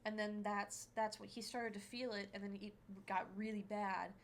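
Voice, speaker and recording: A woman's voice: medium pitch, flat delivery, moderate pace, a little hiss or hum. A woman co-hosting a podcast, retelling scenes at length in casual chat with frequent restarts. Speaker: podcast co-host.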